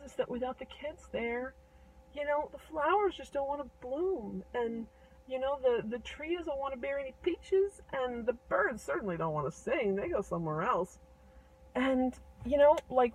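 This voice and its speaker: A woman's voice: fairly high pitch, low-quality recording. A woman casually retelling a fairy tale in a chatty, irreverent, joking way with plenty of fillers and swearing. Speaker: storyteller.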